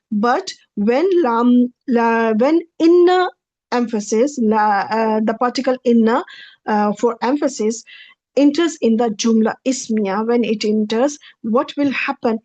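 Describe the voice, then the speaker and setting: A woman's voice: a little high, a little mellow, no room sound, lo-fi sound. A woman teaching a recorded Arabic grammar lecture, patiently repeating each translation in several ways.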